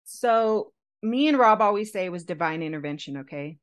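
A woman with a fairly low voice tells a personal story on a podcast. She is animated and chatty, and she laughs often. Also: normal speed. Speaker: podcast co-host telling her proposal story. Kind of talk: casual storytelling chat.

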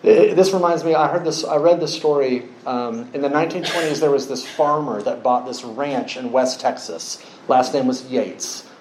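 A man preaching a sermon, telling a story with lively acted-out quotes. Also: mid-range voice, moderate pace, few pauses, roomy sound, a little hiss or hum, low-quality recording. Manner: animated storytelling, acts out quoted voices.

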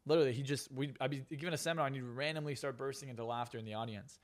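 A man's voice: mid-range voice, racing. A man who is a hypnotist and coach, guest on a podcast interview, talking bluntly and profanely with lots of emphasis.

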